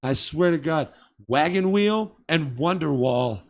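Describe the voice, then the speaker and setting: A man's voice: on the high side, lively intonation, unhurried, muffled recording. A man from Boston, a comedian guest, telling stories in a casual, rambling way with lots of asides. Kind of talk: casual storytelling chat. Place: small theater.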